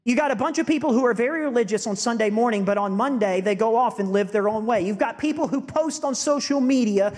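High-voiced man preaching a sermon. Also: fast talker, few pauses, a little mellow. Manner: storytelling with shifting pace, emphatic. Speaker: pastor.

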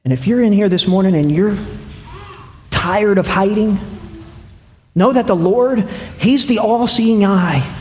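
A man preaching a sermon as pastor, telling a story in an animated way. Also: high-pitched, unhurried, long pauses, reverberant. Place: church.

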